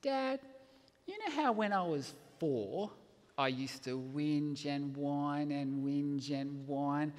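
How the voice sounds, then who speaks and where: A man voicing his story's five-year-old girl who calmly tells off her grumpy father. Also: on the high side, takes it slowly, big-room sound. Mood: gently teasing. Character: patient little girl scolding her dad.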